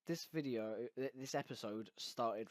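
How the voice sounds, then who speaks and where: A man's voice: mid-range voice, unhurried, no echo. A man hosting a casual review chat, hesitant and full of ums, laughing often. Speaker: host.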